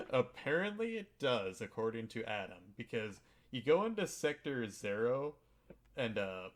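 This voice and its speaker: A man's voice: mid-range voice, big pitch swings, a little slow. A man hosting a podcast, talking casually and loosely. He rambles irreverently, swears freely, and fills his sentences with "uh" and "like". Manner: rambling and irreverent, with frequent swearing and filler words. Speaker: podcast host. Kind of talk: casual chat recapping a video game.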